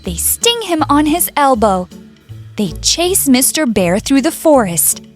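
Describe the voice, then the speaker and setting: A young woman with an Indonesian accent reading a fable aloud for a class in a slow, expressive way. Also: sits high. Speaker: student presenter. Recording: faint background music.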